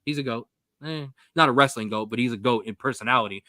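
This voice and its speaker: A young man co-hosting a sports podcast, talking in a rambling, jokey, animated way. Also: medium pitch, quick pace, dry recording, studio quality. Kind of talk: casual sports chat.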